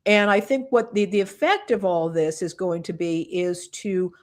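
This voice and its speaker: A woman's voice: medium pitch, moderate pace. Earnest woman podcast co-host. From United States. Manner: earnest and impassioned, thinking aloud with many restarts. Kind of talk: casual political commentary.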